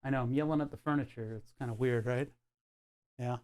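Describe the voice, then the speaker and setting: A man chatting casually to his stream audience from a home workspace on a desk mic. He rambles with fillers and restarts, and breaks into high baby talk for his dog. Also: steady tone, a little fast, a little mellow, clear, resonant tone. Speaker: livestreamer. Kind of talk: casual live-stream chat. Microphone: desk mic on a cable.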